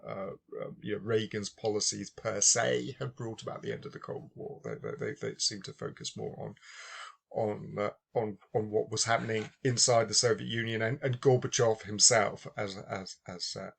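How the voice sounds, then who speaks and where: A man's voice: fairly low pitch, creaky, breathy edge. A man giving a university lecture, thinking aloud with many fillers and restarts. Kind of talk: recorded lecture.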